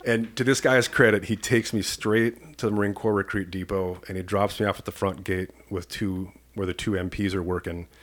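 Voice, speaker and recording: A man from Iowa, a police commander and podcast guest, telling an animated personal story and acting out the people in it. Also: low voice, normal speed, few pauses. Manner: lively storyteller who acts out the people in his story.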